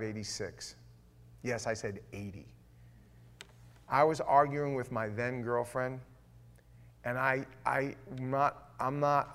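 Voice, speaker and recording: This middle-aged pastor has a mid-range voice with vocal fry. His sermon is animated and full of stories, and he performs the voices of the characters he quotes.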